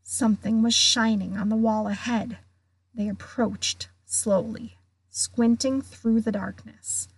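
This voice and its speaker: Slow breathy woman reading aloud. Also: fairly high pitch, no room sound. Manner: slow, expressive. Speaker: guest reader.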